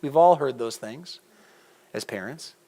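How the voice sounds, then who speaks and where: A middle-aged man preaching a sermon in a church, conversational and animated, putting questions to the congregation. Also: mid-range voice, a little slow, a little hiss or hum. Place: church sanctuary.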